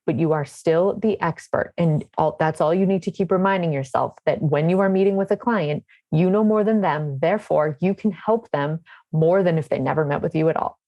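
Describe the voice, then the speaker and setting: A woman's voice: low voice, fairly quick, few pauses, no room sound, lo-fi sound. A woman hosting a podcast, speaking in a reflective, encouraging way. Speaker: podcast host. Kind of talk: conversational interview.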